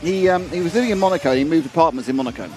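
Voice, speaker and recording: A man's voice: a little high, rapid-fire, over music. A man commentating a live race and telling long rambling stories with many restarts.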